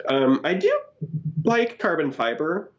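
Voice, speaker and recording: A man co-hosting a casual gaming chat, enthusiastic and quick to giggle. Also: fairly high pitch, huge pitch swings. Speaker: podcast co-host. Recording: dull lo-fi sound.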